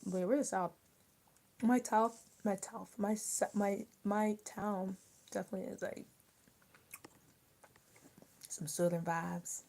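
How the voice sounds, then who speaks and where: A young woman from Maryland hosting a live stream, chatting casually and answering viewer comments out loud while she eats. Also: medium pitch, steady tone, takes it slowly, vocal fry, pauses often. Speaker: livestream host.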